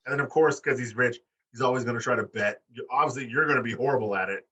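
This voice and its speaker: A man co-hosting a wrestling podcast in casual chat, profane and animated, acting out quotes in high voices. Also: fast, husky, recorded from a distance. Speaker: podcast co-host.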